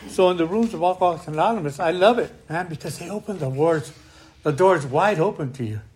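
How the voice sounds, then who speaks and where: A man with a slightly higher voice shares his own recovery testimony. He talks emphatically, often tags his sentences with "right?", and slows down and climbs in pitch when anger comes up. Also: a little mellow, slight background noise. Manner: emphatic, rising and slowing when angry, tag questions "right?". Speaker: speaker sharing at a recovery meeting.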